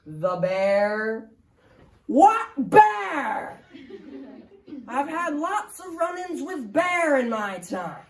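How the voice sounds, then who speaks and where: A crotchety hundred-year-old man, high and quavering, easily offended and forever looping back into the same rambling tale. His old-timer twang drawls out slowly, caught from a distance in a roomy, echoing space. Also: sing-song, full character voice.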